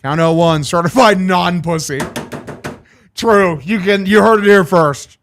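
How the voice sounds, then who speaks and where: A young man streaming a game watch-along, calling the plays and excitedly thanking his chat, swearing freely. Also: high-pitched, moderate pace, a little hiss or hum. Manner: hyped, profane, thanking chat. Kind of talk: live watch-along play-by-play.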